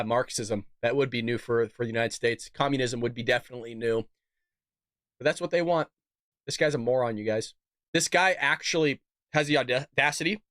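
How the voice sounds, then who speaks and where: A man's voice: medium pitch, pushed and bright, dry recording, clean studio sound. A male show host giving a sarcastic, indignant political rant, sick and coughing. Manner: sarcastic, indignant, rhetorical questions.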